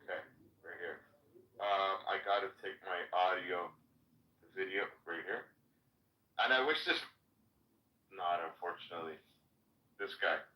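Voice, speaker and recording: A man's voice: low-pitched, normal speed, pauses often, roomy sound, far from the mic, highs cut off. A man hosting a casual livestream chat, rambling and blunt, swearing now and then. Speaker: livestream host.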